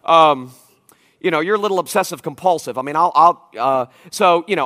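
A man in his forties preaching a conference sermon, telling stories in an animated, emphatic way with frequent asides to the audience. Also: fairly high pitch, fairly quick. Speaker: pastor. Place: church auditorium.

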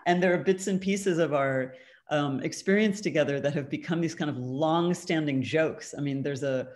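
A woman's voice: sits low, normal speed, a little mellow. A woman, a guest artist, answers audience questions in a thoughtful, conversational way over a video call. She hedges with "um" and "kind of" and laughs lightly.

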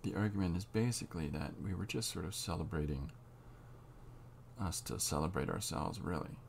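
A man talking through a drawing tutorial as he works, unhurried and halting, thinking aloud. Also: sits low, creaky, a little hiss or hum. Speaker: comic artist drawing on camera.

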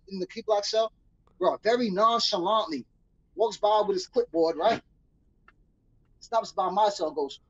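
Sitting high in pitch, a young New Yorker's husky, breathy voice carries a casual story he tells as an interview guest, voicing the people he quotes in street slang. The sound is close and dry, dull and a little lo-fi.

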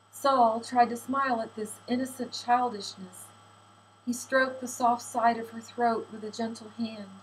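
Woman reading a novel aloud, slightly high voice. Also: fairly even intonation, a little slow, a little hiss or hum, poor audio. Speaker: audiobook reader. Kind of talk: audiobook narration.

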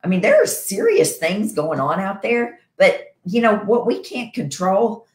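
A woman's voice: mid-range voice, very animated, measured pace. A middle-aged woman hosting a wellness show, coaching her viewers in a casual, upbeat way and often checking in with "right?". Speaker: wellness show host and health provider. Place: her home. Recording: echoey room.

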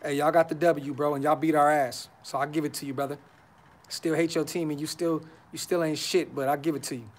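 A man's voice: fairly high pitch, fairly even intonation, a little fast. A man hosting a fan podcast, talking casually on a live stream with frustration, blunt slang and lots of repeats. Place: brother's house.

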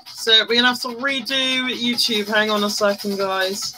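A woman's voice: a little high, normal speed, bright, forceful tone, soft background music, rough recording. A woman chatting casually on a makeup live stream, greeting viewers by name and bursting into little sung bits. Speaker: livestreamer doing makeup.

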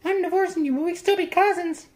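A man doing a shrill scolding mama. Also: fairly even intonation, quick pace. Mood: taunting. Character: shrill nagging wife and mama, woman.

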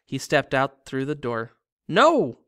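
Man reading a novel aloud, steady narration, smooth resonant voice, close and dry. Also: medium pitch, fairly quick, dry recording. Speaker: reader.

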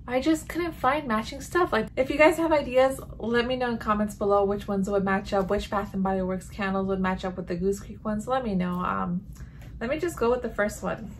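A woman's voice: medium pitch, fairly quick, a little hiss or hum. A woman chatting casually in a home vlog, reviewing candles and reacting as she smells each one. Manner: chatty, animated, sniffing and reacting. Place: home room.

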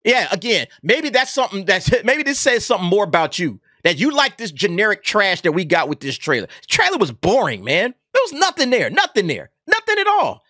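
A man's voice: high voice, very animated, a little fast, hardly any pauses, sharp tone, no room sound, studio quality. A man hosting a commentary channel, ranting in a sarcastic, emphatic way and tagging his points with "okay?". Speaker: YouTube commentary host. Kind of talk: heated opinion rant.

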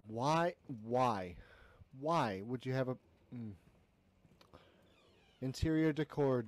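Animated, jokey male streamer. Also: mid-range voice, slow pace, long pauses. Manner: animated, jokey, frequent yelps and laughter. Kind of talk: live game commentary.

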